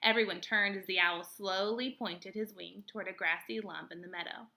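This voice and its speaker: A woman reads a children's novel aloud, telling the story in a clear, expressive way. Her voice is bright and forward, with a gravelly fry at the ends of phrases. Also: medium pitch, normal speed. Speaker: read-aloud host. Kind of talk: storybook read-aloud narration.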